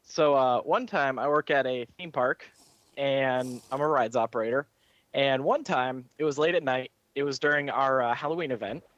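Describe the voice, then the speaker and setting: A man's voice: mid-range voice, normal speed, fairly bright tone, dry recording, muffled recording. A man who works as a rides operator at a theme park, telling a story in casual chat and acting out the people he quotes. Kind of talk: casual chat while gaming.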